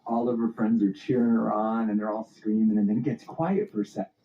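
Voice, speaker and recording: A man telling a wry anecdote in an animated storytelling style, in a dull, roomy clip. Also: fairly low pitch, fairly quick.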